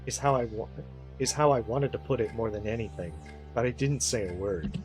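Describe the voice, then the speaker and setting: A man voicing the sorrowful ghost of a young girl in a game, speaking in a quiet, wistful way over game music. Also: mid-range voice, fairly quick, natural voice, poor audio.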